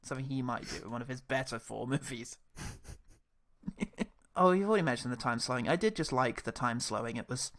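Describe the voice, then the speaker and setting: A man co-hosting a casual film review chat, joking with quick asides and laughing often. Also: mid-range voice, lively intonation, a bit bright. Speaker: podcast co-host.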